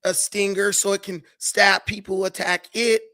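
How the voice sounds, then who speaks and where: A man's voice: high-pitched, little pitch movement, moderate pace, sharp tone. A man voicing a boastful male bee guarding his honey, with a swaggering, streetwise manner. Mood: pleading.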